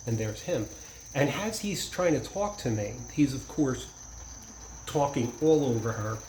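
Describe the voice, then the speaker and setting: Male vlogger, mid pitch, casual rambling storyteller, faint insect noise outdoors. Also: darkish tone, low-quality recording. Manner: rambling, many restarts and asides.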